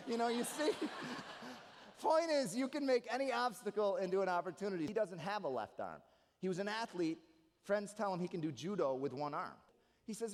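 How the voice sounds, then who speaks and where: A man's voice: high voice, normal speed, vocal fry. A young man performing stand-up comedy on a live stage, telling jokey stories with lots of asides. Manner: animated, jokey storytelling with asides. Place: live stage in a large hall. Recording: live hall with reverb.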